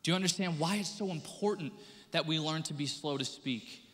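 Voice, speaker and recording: A man preaching a sermon as pastor, animated and acting out the people he quotes. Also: fairly high pitch, a little fast. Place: church sanctuary. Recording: church hall with long reverb.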